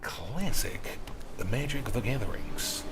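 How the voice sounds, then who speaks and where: Rowdy man, lively sing-song delivery. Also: unhurried, very noisy. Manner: rowdy, crude, keeps calling out to "boys"; swings into loud high outbursts. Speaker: streamer. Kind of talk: casual gaming commentary.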